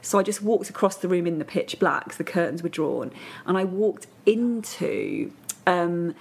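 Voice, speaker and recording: Husky northern english woman, lowish voice, rambly chatty stories. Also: very animated, normal speed, darkish tone. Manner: chatty storytelling, many fillers and restarts. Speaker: podcast guest. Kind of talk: casual chat.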